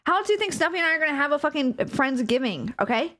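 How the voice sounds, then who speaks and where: A woman streaming live, chatting casually and excitedly with her viewers, giggling often and thanking them warmly. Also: high-pitched, brisk. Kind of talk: casual chat to a live audience.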